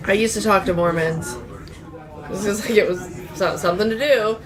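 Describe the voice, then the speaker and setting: A woman co-hosting a podcast in casual chat, chuckling and reacting quickly. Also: medium pitch, a crowd in the background. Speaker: podcast co-host.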